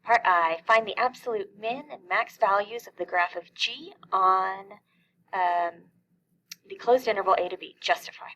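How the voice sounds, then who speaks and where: A woman's voice: mid-range voice, normal speed, bright, forceful tone, muffled recording, slight background noise. A middle-aged woman teaching a calculus lesson, explaining each step and asking questions that she then answers herself. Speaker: math teacher.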